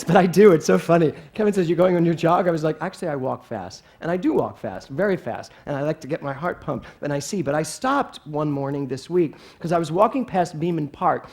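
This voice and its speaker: A middle-aged man preaching a sermon in a playful, animated way, often asking the congregation questions. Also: a little high. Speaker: minister. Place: spiritual center with congregation.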